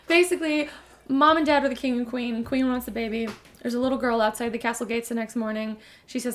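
Rambling, animated young woman. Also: a little high, fast talker. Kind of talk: casual chat, retelling a fairy tale.

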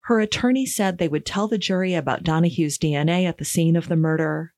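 A woman giving scripted true-crime podcast narration in a measured, even storytelling manner. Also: lowish voice, no echo.

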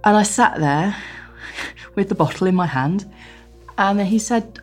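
A woman interviewed in a hotel room, recalling events calmly and reflectively with hesitant pauses. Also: mid-range voice, faint music behind. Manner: calm, reflective, with hesitant fillers. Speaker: interviewee recounting her marriage. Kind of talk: personal interview recollection.

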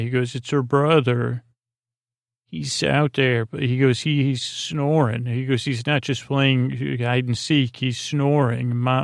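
A man's gravelly, creaky voice drifts through a bedtime retelling with almost no rise or fall. He meanders and stumbles over his words, restarting sentences and filling gaps with "uh". The sound is close and dry, with no room around it. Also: medium pitch, no echo. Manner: halting and meandering, many fillers and restarts. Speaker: podcast host. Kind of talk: rambling bedtime retelling of a TV episode.

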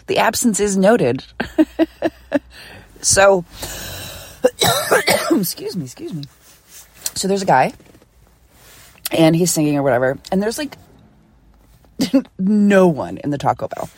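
A woman from Philadelphia tells a story on her own podcast in a lowish, easygoing voice. She is chatty, laughs often and curses without a second thought. The sound is dry and close, with no room around it. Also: a little mellow, breathy edge, no room sound. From Philadelphia, USA. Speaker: podcast host. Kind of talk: casual solo storytelling podcast.

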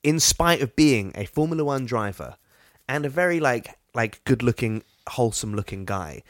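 A man's voice: medium pitch, moderate pace, dry recording, studio quality. A man co-hosting a comedy podcast, teasing and steering the jokes. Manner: lively, steers the bits, teasing. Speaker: podcast co-host. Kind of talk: comic improvised chat.

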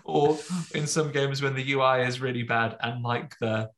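A man casually recapping a film with friends, jokey, slipping into quick voices for the characters. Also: mid-range voice, fairly even intonation, a bit bright, a little hiss or hum. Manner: jokey, acts out lines in quick put-on voices. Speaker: podcast co-host recapping a film. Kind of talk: casual chat.

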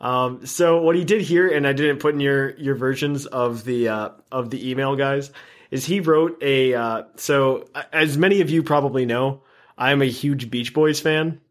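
A man's voice: mid-range voice, normal speed. A man hosting a casual podcast, upbeat, running segments and reading listener email aloud. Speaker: podcast host.

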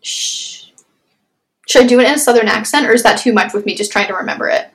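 A woman's voice: fairly high pitch, racing, fairly bright tone, a little hiss or hum. A woman in her twenties co-hosting a podcast, easygoing and giggly as she chats and ad-libs the sign-off. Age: 20s. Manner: easygoing and giggly, reads the outro loosely from memory. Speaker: podcast co-host. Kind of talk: casual chat.

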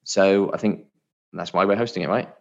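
A man's voice: low voice, normal speed. Male co-host, easygoing chat, lo-fi sound. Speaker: podcast co-host. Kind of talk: casual educational chat.

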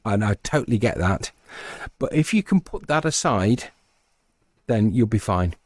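A man's voice: fairly low pitch, lively intonation, a little slow, no echo. A man who narrates audiobooks, chatting as an interview guest and explaining his work at length. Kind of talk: casual interview chat.

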